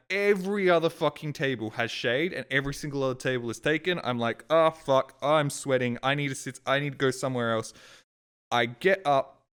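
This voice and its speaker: A man's voice: medium pitch, a bit bright, clear, resonant tone. A young man telling a story as a live streamer, casual and exasperated, swearing often as he rants. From Australia.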